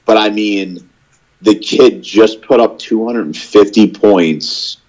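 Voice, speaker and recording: A man's voice: lowish voice, slow pace, a little mellow, rough recording. A young man co-hosting a casual podcast, telling stories in a rambling way with lots of filler words. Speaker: podcast co-host. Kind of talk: casual chat.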